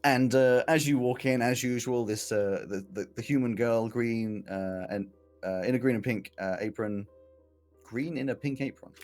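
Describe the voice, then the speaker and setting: Game master man, mid-pitched, describing scenes, soft music behind. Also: fairly even intonation. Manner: descriptive, halting, many restarts. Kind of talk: narrating a tabletop game.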